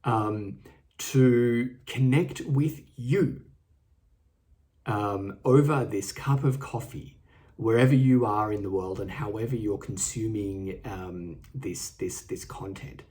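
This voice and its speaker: A man with an Australian accent hosting a solo podcast, earnest and halting, often repeating his words. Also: fairly low pitch, warm tone. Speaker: podcast host. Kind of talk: reflective solo podcast talk. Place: indoors, seated. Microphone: studio microphone and camera.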